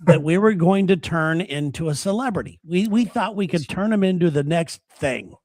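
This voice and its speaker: A man's voice: high voice, animated, moderate pace, a little mellow. A man hosting a casual talk show, telling stories and laughing as he talks. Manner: storytelling, laughs while talking. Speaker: radio show host. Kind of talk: casual chat.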